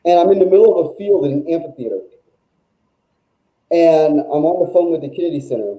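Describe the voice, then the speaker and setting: A male music journalist, a guest on a talk show, telling stories in a casual, animated, rambling way that is full of "like". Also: fairly high pitch, fairly quick, roomy sound, rough recording. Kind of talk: casual storytelling chat.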